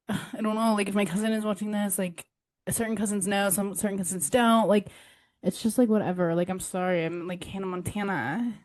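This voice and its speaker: Mellow-voiced young woman telling candid stories. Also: medium pitch, fairly even intonation, fairly quick, no room sound. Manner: candid storytelling, many "like"s, mimics others in quotes. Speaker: podcast co-host. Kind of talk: casual chat.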